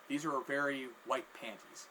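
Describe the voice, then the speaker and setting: Bright-voiced man rambling slowly through a story. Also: mid-range voice, a little hiss or hum, poor audio. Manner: rambling with many restarts. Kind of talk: casual anecdote.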